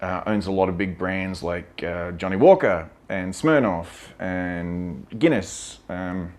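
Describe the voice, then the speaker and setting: A man's voice: sits low, slow, darkish tone. Blunt, sweary man talking whisky. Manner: chatty with many fillers. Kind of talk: casual whisky tasting talk. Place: lives in Vietnam.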